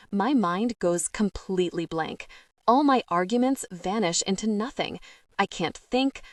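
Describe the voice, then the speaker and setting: Woman narrator, first-person dark romance reading, dramatic and expressive, dry booth sound. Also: mid-range voice, no echo. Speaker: audiobook narrator.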